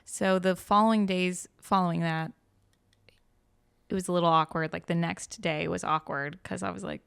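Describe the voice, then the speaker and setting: A woman's voice: fairly low pitch, fairly even intonation, normal speed, creaky, clean tone, dry recording, studio quality. A young woman chatting on a podcast, telling a story with animation and acting out the quotes. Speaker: guest host. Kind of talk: casual podcast chat.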